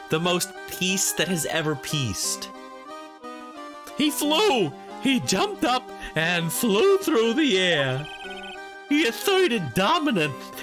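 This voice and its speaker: A man's voice: high-pitched, heavily acted. A man voicing a glum male circus clown in a video game, telling his story with overly earnest drama.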